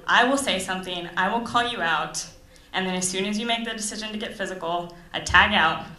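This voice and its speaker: A woman's voice: mid-range voice, a little fast, pushed and bright. A young woman from Florida doing stand-up comedy, chatty and sarcastic, with frequent "like" fillers. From Tampa Bay, Florida. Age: young adult. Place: comedy club stage. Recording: echoey comedy club room.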